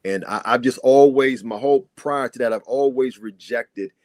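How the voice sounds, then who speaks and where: A man's voice: mid-range voice, moderate pace, darkish tone, dry recording. An older man, a guest, telling his personal recovery story in an earnest, reflective way.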